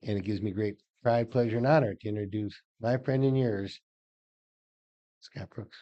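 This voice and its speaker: A man's voice: on the low side, moderate pace, warm tone, highs cut off. An older man, co-hosting a local talk show in a folksy, storytelling manner. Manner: folksy, storytelling, repeats words. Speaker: co-host.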